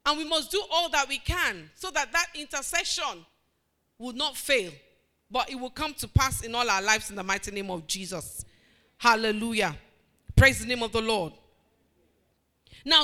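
A woman's voice: on the high side, sharp tone. A woman preaching a sermon, emphatic and repetitive, asking the congregation questions and answering them. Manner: emphatic, repeating phrases with call-and-response.

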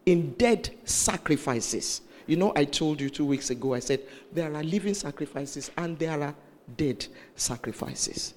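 Animated high-voiced male preacher. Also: unhurried, big-room sound. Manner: animated storytelling, acts out voices in quotes. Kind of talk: sermon.

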